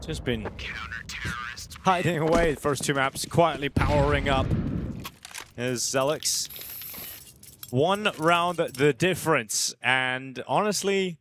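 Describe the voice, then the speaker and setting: A man casting play-by-play commentary on an esports match, fast and excitable. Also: fairly high pitch. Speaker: esports caster. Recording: noisy broadcast mix with gunfire. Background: game gunfire and clicks.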